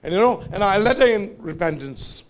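High-voiced man preaching a sermon. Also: animated, moderate pace. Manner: exhorting, calls for congregation responses. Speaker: pastor. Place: church service.

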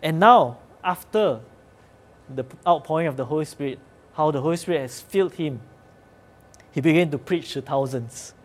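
A man's voice: a little high, normal speed, pauses often. A man preaching a sermon in an earnest, conversational way, with occasional fillers.

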